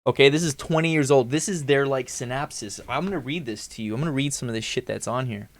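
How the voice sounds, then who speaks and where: A man's voice: mid-range voice, fast talker, no echo. A man in his thirties hosting a livestream, talking casually in a slangy, profane, rambling way. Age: 30s. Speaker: livestream host.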